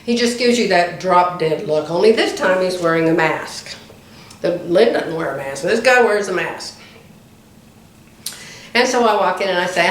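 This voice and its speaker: A woman in her seventies telling animated anecdotes to her viewers from home, laughing often. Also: fairly low pitch, moderate pace. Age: 70s. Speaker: quilting vlogger. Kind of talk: casual chatty storytelling to viewers. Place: indoors at home by the front door. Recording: very echoey room, distant mic, faint hiss.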